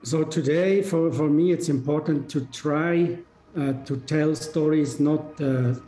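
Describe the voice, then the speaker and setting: A man lectures very slowly in a mellow voice, stopping often on filler sounds as he gathers his thoughts. His voice rings around an echoey lecture room, with faint music underneath. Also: on the high side. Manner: halting, with frequent filler pauses. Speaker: guest lecturer. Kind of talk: university lecture.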